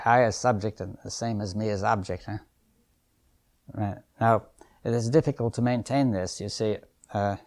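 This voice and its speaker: Running an off-the-cuff seminar lecture, an older man in his seventies talks in a lowish voice. He muses thoughtfully, often tosses out "right?" and "you see" to his audience, and gives small chuckles between points.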